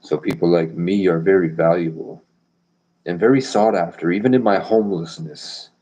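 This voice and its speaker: A man's voice: deep voice, dark tone, breathy edge, dull audio. A man rambling boastfully and provocatively on a live stream.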